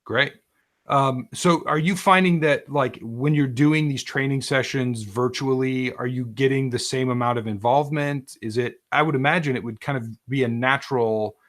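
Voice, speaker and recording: A man's voice: medium pitch, normal speed. A man interviewing a client over a video call, conversational and loose, often saying "like" and "um". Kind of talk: casual remote interview.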